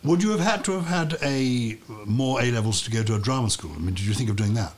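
A man's voice: medium pitch, lively intonation, quick pace. A man interviewing a guest in a casual chat, asking playful, probing questions.

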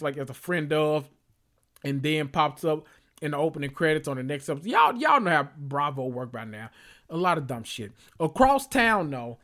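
A man's voice: fairly high pitch, a bit bright. A man hosting a podcast, recapping reality TV in casual, sassy, profane talk full of asides. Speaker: podcast host.

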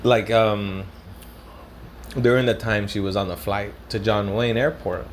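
Profane, rambling young man with a low voice. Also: steady tone, a little slow, slight background noise. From Southern California. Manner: profane, rambling, mixes in Spanish slang. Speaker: storyteller. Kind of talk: casual storytelling.

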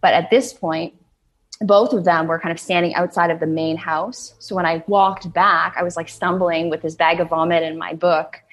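A woman's voice: on the low side, fairly even intonation, normal speed. A young woman telling a personal story in an earnest way, with many "like" fillers, acting out her own past words.

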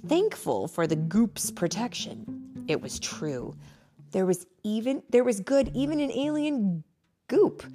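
A woman reading a bedtime story aloud in an expressive, playful way, then chatting with her child as a parent. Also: medium pitch.

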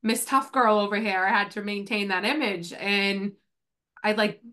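A woman's voice: medium pitch, moderate pace, pushed and bright. A woman hosting a podcast in casual chat, talking with lots of filler words while coming down with a cold. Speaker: podcast host.

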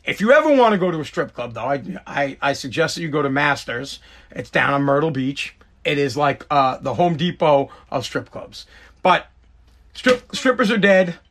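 A man's voice: a little high, lively intonation, moderate pace, a bit bright. A man in his forties, a podcast host, ranting crudely and jokingly in a rambling way, with stammered restarts. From United States. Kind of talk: casual comedic rant.

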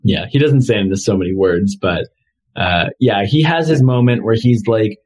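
A man's voice: on the low side, normal speed, darkish tone, slightly rough, lo-fi sound. A man co-hosting a podcast, chatting casually through a recap with lots of fillers. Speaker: podcast co-host.

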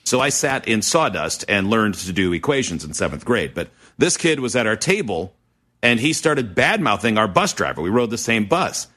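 A man's voice: lowish voice, big pitch swings, moderate pace, a bit bright. A man telling stories in a casual chat, joking with crude humor.

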